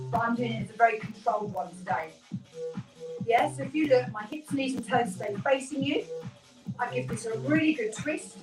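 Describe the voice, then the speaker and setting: A woman's voice: a little high, roomy sound, recorded from a distance, rough recording. A woman fitness instructor leading a live workout class, giving upbeat, encouraging cues and counting down the reps.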